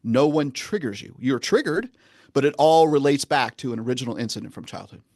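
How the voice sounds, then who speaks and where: A man speaking as a guest coach in a podcast interview, talking in a measured, earnest, teacherly way. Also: medium pitch, animated, darkish tone, no room sound, studio quality.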